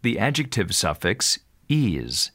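Guy narrating a pronunciation drill, slow careful words, low voice, dead dry studio. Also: very animated, pushed and bright, no room sound. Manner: slow, measured, carefully enunciated. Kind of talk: scripted instructional narration.

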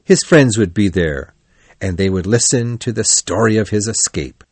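A man reading a children's storybook aloud as narrator, in an even, clear storytelling delivery. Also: on the low side, moderate pace, dry recording.

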